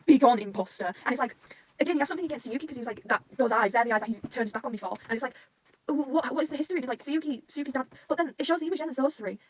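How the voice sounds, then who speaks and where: A woman reacting to a manga arc, rambling and swearing often, swinging between rants and excitement. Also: high voice, slightly rough. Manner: swears constantly, rambling, quick emotional swings.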